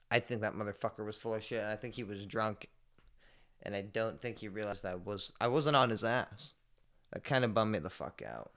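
Speaking in a lowish voice, a man hosts his own podcast as a casual solo chat. His storytelling is rambling, profane and relaxed, punctuated by mumbled asides and sudden loud bursts.

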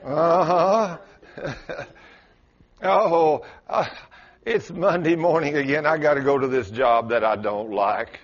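Slowly, with long pauses, a man with a slightly high voice preaches in a church sanctuary before his congregation. His folksy sermon relies on stories, Southern turns of phrase, and quotes he acts out, all on a dull lo-fi recording.

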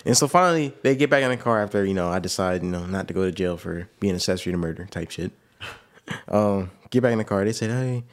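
A man's voice: low voice, quick pace. Slangy young man telling a long story. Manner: animated, slangy, repeats himself. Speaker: podcast co-host. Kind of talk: casual storytelling.

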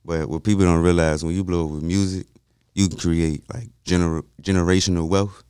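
Laid-back rapper guest, man, very deep and smooth, dry close sound. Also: steady tone, a little fast, mellow, dry recording. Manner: laid-back, often says "you know what I mean". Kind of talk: casual interview talk.

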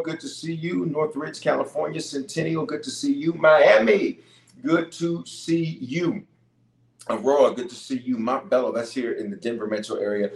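Energetic bishop in an echoey room. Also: male voice, medium pitch. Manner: energetic, greets viewers by place, emphatic repetition. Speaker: bishop leading online prayer. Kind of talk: live-streamed prayer call with viewer Q&A. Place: room at home base near Denver.

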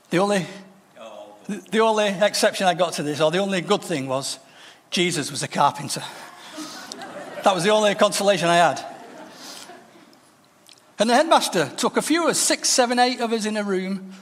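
High-voiced preacher in a reverberant hall. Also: male voice, a bit bright. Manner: storytelling, voices quoted figures with shifts in pitch. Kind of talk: sermon.

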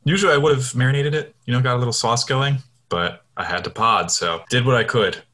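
A man's voice: medium pitch, fairly quick, pushed and bright. A young man co-hosting a podcast, laid-back with dry jokes and casual swearing. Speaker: podcast co-host. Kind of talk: casual chat.

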